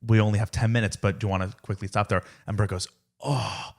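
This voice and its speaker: A young man co-hosting a podcast in a loose, casual way, leaning on "like" as filler. His voice sits a little low. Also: flat delivery, very fast. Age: young adult. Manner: casual, fills with "like". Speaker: podcast co-host, son.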